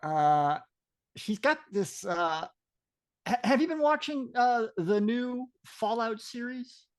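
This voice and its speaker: A man's voice: very high-pitched, takes it slowly. A man co-hosting a comics podcast, describing panels in a chatty, hesitant way. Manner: chatty, hesitant, with many fillers. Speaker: podcast co-host. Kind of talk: casual chat.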